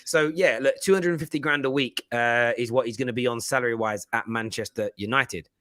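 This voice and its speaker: A man hosting a football podcast in an animated, casual chat. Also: medium pitch, a little fast. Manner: animated, laughing, chatty.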